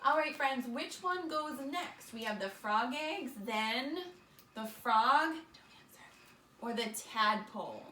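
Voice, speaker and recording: A woman teaches a small-group lesson to young children indoors, her fairly high, upbeat voice encouraging them as she calls them friends and takes things slowly. She sounds distant from the microphone in an echoey room, with steady background noise beneath her voice.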